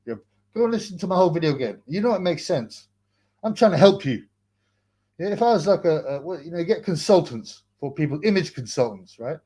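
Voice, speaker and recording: A man's voice: on the high side, dark tone. A young man hosting a casual livestream, rambling in slang, mocking a rival and reading viewer comments aloud. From United Kingdom. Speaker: livestream host.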